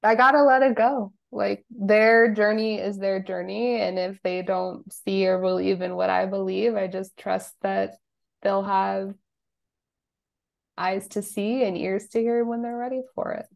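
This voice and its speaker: A woman in middle age talks casually as a podcast guest. She is relaxed and chatty, often slipping in little fillers. Her voice has a noticeable gravelly vocal fry. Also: mid-range voice, measured pace. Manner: relaxed, chatty, laughs often, uses "like" a lot. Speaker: podcast guest, spiritual coach. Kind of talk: casual interview chat.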